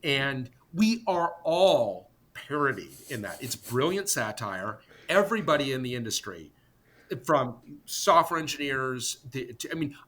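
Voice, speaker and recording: A middle-aged man, a podcast guest, telling an animated story in an emphatic, exasperated way, blunt and sometimes profane, talking in rapid bursts full of restarts. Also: mid-range voice. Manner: talks in rapid bursts with many restarts and fillers. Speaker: podcast guest, tech company co-founder.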